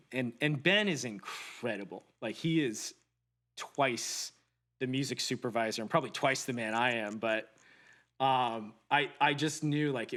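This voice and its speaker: A man's voice: medium pitch, fairly bright tone. Earnest man telling a personal story. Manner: earnest and reflective, with halting restarts. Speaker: podcast guest.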